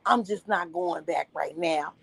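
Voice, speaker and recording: A woman's voice: on the low side, unhurried, gravelly, a bit bright, slightly rough, voice pushed down, full character voice. A woman voicing her stubborn, tipsy middle-aged father, curt and offhand.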